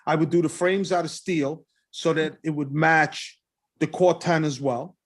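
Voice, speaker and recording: Brief: man, slightly high voice, applicant at a planning board, earnest, stumbles and restarts, keen to please. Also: fairly even intonation, unhurried. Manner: earnest, eager, many restarts. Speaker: applicant presenting a restaurant design. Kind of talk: presentation at a public meeting.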